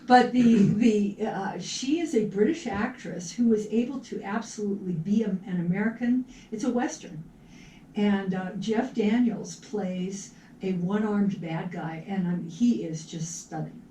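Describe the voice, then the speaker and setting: A woman's voice: medium pitch, a little slow, dark tone. Chatty woman in an echoey room. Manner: chatty, laughs easily, trails off mid-sentence. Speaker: movie talk show co-host. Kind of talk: casual chat about movies. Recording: echoey room, far from the mic, faint background noise.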